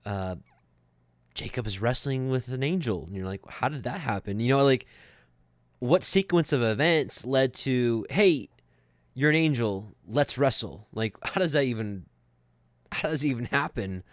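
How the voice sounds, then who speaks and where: A man's voice: fairly low pitch, no echo. A man teaching scripture casually, rambling with many fillers and restarts and chuckling now and then. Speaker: Bible teacher.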